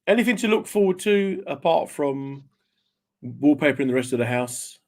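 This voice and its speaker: A man's voice: a little high, expressive, moderate pace, darkish tone. A man hosting a radio show, chatting casually and trading jokes with his guest. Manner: bantering, jokey. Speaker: radio host.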